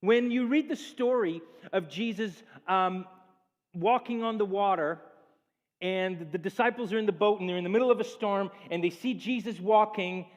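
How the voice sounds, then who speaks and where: A man preaching a sermon as a pastor, lively and acting out the voices in the stories he tells. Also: sits high, normal speed. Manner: animated preaching, acts out quoted speech. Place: church sanctuary. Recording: long church reverb.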